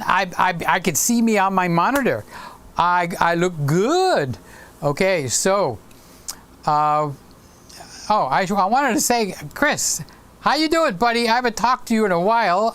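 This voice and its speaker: A man's voice: on the high side, clear, resonant tone. A man in his late sixties hosting a casual live stream, rambling and stopping to greet viewers by name. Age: 60s.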